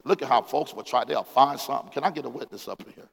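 A man in his forties preaching a sermon as pastor, calling out to the congregation, swinging between loud exclamations and quiet scripture reading. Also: medium pitch, fast talker, gravelly, slightly rough. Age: 40s. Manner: call-and-response preaching, rises to shouts, reads scripture aloud. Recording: long hall reverb.

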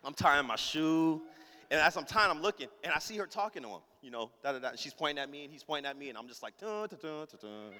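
A man's voice: fairly high pitch, fast, pushed and bright, in a large hall. A man preaching as a pastor, telling a funny story in a casual, slang-heavy way and acting out every character in it. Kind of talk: storytelling sermon.

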